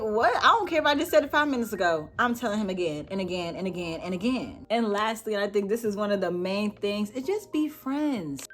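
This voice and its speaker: A young woman hosts her own talk show and gives relationship advice in a casual, emphatic, playful voice, repeating her points again and again. Her pitch sits in the middle. Faint music plays under her. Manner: emphatic, repetitive, playful and affectionate. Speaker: host.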